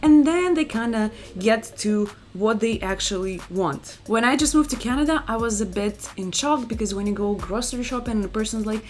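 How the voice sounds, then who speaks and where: A young woman with a Russian accent, a native Russian speaker, chatting to camera in a lively vlog. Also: fairly high pitch, fairly quick, hardly any pauses, faint music behind. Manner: chatty, animated, acts out quotes. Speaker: vlogger. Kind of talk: casual talk to camera.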